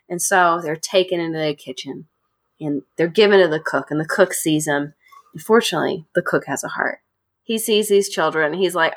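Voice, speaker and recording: A woman host casually retelling a dark fairy tale to friends, chatty and animated. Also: fairly low pitch, moderate pace. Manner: chatty, animated, laughs often. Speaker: podcast host.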